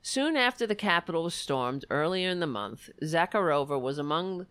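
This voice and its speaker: A woman's voice: lowish voice, lively intonation, moderate pace, fairly bright tone, clear, resonant tone, no echo. Sarcastic woman ranting on a livestream. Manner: sarcastic and profane, with frequent self-interruptions. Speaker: livestream host. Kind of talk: political commentary livestream, reading news aloud.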